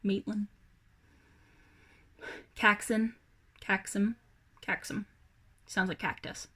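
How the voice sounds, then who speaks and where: A woman's voice: mid-range voice, steady tone, slow pace, pauses often, a bit bright. A young woman rambling through a casual personal vlog, hesitant, with many fillers and sighs. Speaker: vlogger.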